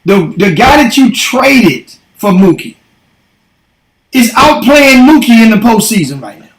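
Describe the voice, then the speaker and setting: A man co-hosting a casual sports talk show, teasing with rapid-fire questions. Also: very high-pitched, very animated, reverberant, low-quality recording. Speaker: co-host.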